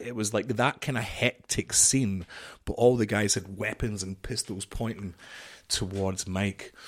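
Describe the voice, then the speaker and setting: A middle-aged man with a somewhat low voice recounts a tense story in a loose, conversational way. He swears freely, rambles, and peppers his speech with "you know" while speaking as a podcast guest. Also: husky. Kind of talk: casual storytelling interview.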